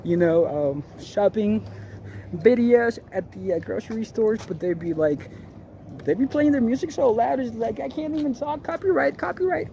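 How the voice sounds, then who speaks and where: A man's voice: sits high, lively intonation, normal speed, rough recording. A man vlogging casually as he walks outdoors through city streets, rambling and chatting straight to his viewers. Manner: rambling, chatty, talks to viewers while strolling. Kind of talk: casual walking vlog. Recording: loud street and traffic noise.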